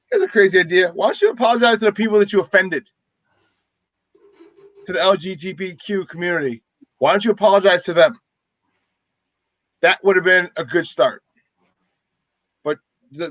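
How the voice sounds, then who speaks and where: A man's voice: high-pitched, normal speed, long pauses, fairly bright tone, no room sound, lo-fi sound. A man co-hosting a sports talk show, emphatic and repeating words for stress. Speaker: co-host.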